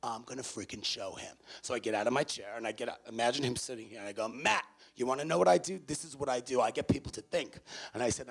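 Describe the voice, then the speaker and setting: A man's voice: medium pitch, normal speed, creaky, pauses often, breathy edge. A man from New City, a motivational speaker telling a story to students and acting out each character's voice. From New York City. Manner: animated, acts out every character's voice. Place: large hall with audience.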